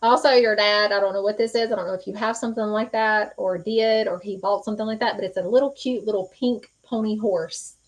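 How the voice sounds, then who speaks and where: A woman's voice: medium pitch, steady tone, brisk, few pauses, poor audio. Woman, psychic reading on a live stream, earnest, reassuring, folksy fillers. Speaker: psychic medium host.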